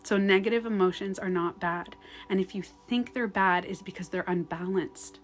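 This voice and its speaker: Brief: woman life coach, casual live-stream talk, phone mic, expressive, swears often, mid-pitched, faint music underneath. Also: moderate pace. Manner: animated, swears freely, acts out her own outbursts. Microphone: phone on a ring light.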